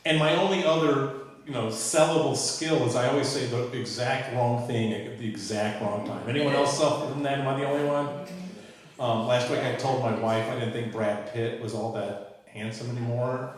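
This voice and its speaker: A man's voice: mid-range voice, moderate pace. A man in his fifties from South Carolina doing a wry, self-deprecating stand-up comedy set. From Charleston, South Carolina. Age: 50s. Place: comedy club with live audience. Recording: echoey club audio from far off with crowd.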